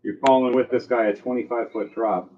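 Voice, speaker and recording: A man runs a tabletop game as game master, narrating the action with lively energy. His voice sits at a middle pitch, and the recording sounds slightly dull. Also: brisk, a little hiss or hum. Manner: animated, acts out sound effects and cries.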